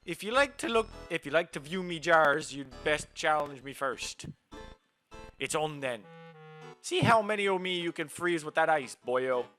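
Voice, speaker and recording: A man's voice: a little high, lively intonation, unhurried, bright, forceful tone, soft background music. A man voicing a cocky, taunting male ghost who collects jars, in a put-on mock Irish brogue. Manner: swaggering, teasing, theatrical.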